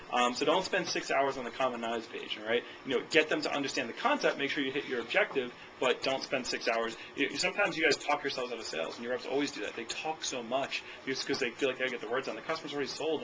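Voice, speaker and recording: A young man in a noisy room running a sales training demo, talking fast and energetically and ending his points with "okay?". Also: mid-range voice.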